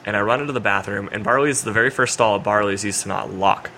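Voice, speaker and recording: A young man in his twenties, a podcast guest, telling a story in a casual, animated way and acting out the voices of the people in it. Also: lowish voice, fast, a little hiss or hum. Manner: animated storyteller, acts out quoted voices loudly.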